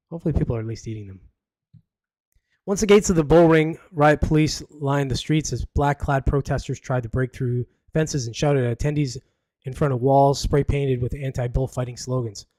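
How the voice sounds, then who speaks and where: A man's voice: mid-range voice, warm tone, dry recording. A man hosting a live podcast, reading news aloud with sarcastic, rambling asides. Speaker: podcast host. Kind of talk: casual live podcast commentary.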